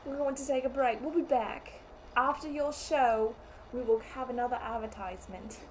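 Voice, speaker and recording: A woman's voice: fairly high pitch, fairly even intonation, moderate pace, a little mellow, a little hiss or hum, lightly acted, low-quality recording. A woman playing an overwrought female TV sales host who repeats herself constantly, in a comic sketch. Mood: tearful. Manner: repetitive, overwrought, melodramatic. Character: pushy female TV sales host with phony accent.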